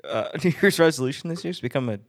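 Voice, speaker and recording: A man's voice: on the high side, lively intonation, rapid-fire. A man hosting a casual solo podcast, rambling and self-deprecating, laughing often between thoughts. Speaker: podcast host.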